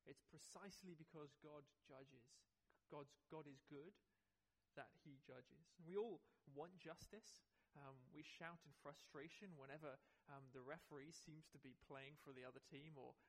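A man gives a sermon from the pulpit, his voice sitting a little higher than most men's. He speaks thoughtfully, pausing on ums and restarting his sentences as he works through his point. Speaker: pastor.

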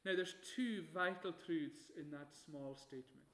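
A man preaching a sermon, measured and emphatic, slowing down to stress key phrases. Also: a little high, a bit bright, reverberant.

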